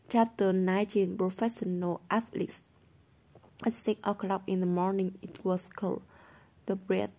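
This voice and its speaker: A woman reading a novel aloud in a steady, unhurried way. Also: mid-range voice. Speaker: audiobook reader.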